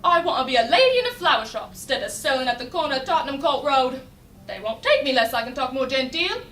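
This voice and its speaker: A woman reciting as a brash cockney flower girl, loud and defiant, recorded from a distance in an echoey room. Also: high-pitched, very animated, fast talker, slight background noise. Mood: indignant. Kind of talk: recitation in a speech competition.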